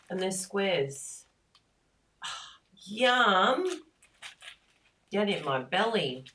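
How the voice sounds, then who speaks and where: Woman, craft live-stream host, gushing and chatty, deep-ish voice. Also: slight background noise. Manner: chatty, easily excited, gushing. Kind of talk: casual live-stream chat.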